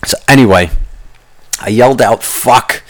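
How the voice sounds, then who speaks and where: Young guy ranting on his podcast, swears nonstop, kinda low voice, loose and rambly. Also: moderate pace. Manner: profane, swears constantly; rambling with restarts and asides. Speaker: podcast host. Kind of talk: casual rambling monologue.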